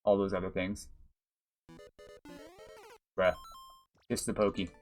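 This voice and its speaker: A man's voice: low voice, level tone, slow pace, a little mellow, soft background music. A man streaming a platform game live, talking casually, cursing at his mistakes, laughing, and thanking viewers by name. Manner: chatty, swears, laughs often, thanks viewers. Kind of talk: live gameplay commentary.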